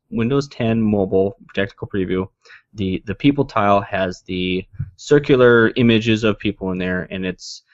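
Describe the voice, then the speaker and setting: A man co-hosting a casual tech podcast, rambling and correcting himself as he jokes along. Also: on the low side. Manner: rambling, self-correcting, joking. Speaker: podcast co-host. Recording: dull lo-fi dry sound.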